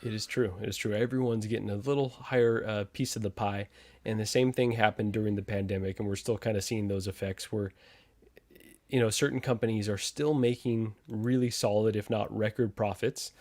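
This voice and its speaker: A man's voice: on the low side, steady tone, normal speed, a little mellow, dry recording. A man hosting a casual livestream chat, reading out viewer comments and trading sarcastic jabs with a laugh. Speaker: podcast host reading live chat.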